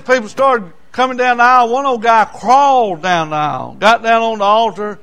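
High-voiced preacher, folksy. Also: male voice, brisk, few pauses, slight background noise. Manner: folksy storytelling, swinging from loud to hushed. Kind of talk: sermon.

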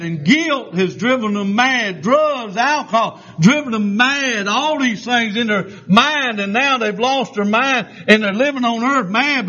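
A man's voice: very high-pitched, bright, forceful tone. An older man preaching a sermon, telling stories in a folksy way with many fillers and restarts. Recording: dull lo-fi sound.

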